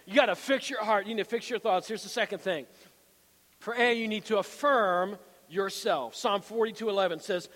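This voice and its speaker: A man's voice: sits high, normal speed, fairly bright tone. A man preaching a sermon as pastor, telling a story with energy and rousing the congregation. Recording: long hall reverb.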